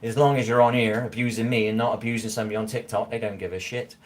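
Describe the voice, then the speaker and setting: A man's voice: on the low side, steady tone, quick pace, poor audio. A man, chatting casually with viewers on a live stream, bantering and swearing now and then. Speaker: livestreamer reading chat.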